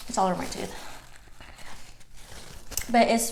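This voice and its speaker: A woman in her twenties chatting casually while eating, telling a story with many "like" fillers and sometimes dropping to a soft whisper. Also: mid-range voice, normal speed, a little hiss or hum. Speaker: mukbang vlogger.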